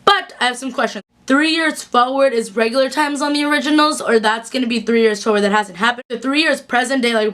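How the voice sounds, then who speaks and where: A young woman gushing through a casual episode recap in a chatty, excitable way, full of "like". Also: fairly high pitch. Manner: gushing, chatty, fast bursts with fillers like "like". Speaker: TV recap vlogger.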